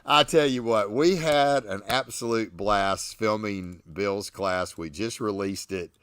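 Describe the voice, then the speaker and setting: A man's voice: fairly low pitch, takes it slowly, a bit bright, smooth, no echo, studio quality. Folksy Southern man hosting a livestream. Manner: folksy, joking, laughs often. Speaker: host. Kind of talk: livestream podcast chat.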